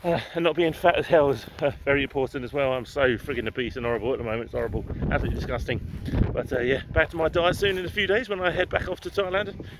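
Gravelly-voiced English man, chatty. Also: medium pitch, steady tone, rapid-fire, hardly any pauses, background noise. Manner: chatty, rambling, swears casually. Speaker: vlogger. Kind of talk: casual walking-tour vlog. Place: outdoors in castle gardens. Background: faint outdoor ambience with distant garden machinery.

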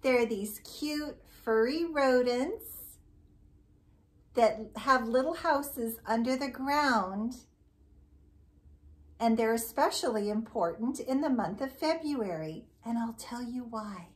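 Woman, preschool teacher, high voice, slow sing-song talk for little kids. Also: animated. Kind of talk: circle time lesson for young children.

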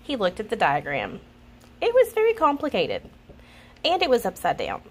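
A woman reading a children's picture book aloud in an expressive storytelling manner. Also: a little high, normal speed, slight background noise. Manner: expressive, laughs at the funny parts.

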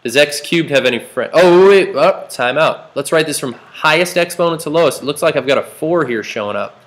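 In a classroom lecture, a man with a slightly high, expressive voice teaches math at a brisk pace. Playful and jokey, he quizzes his students with questions while working problems.

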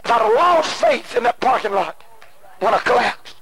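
A male preacher delivering an impassioned sermon, moving between shouted pleading and hushed personal storytelling. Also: very high voice, expressive, moderate pace. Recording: noisy old cassette tape.

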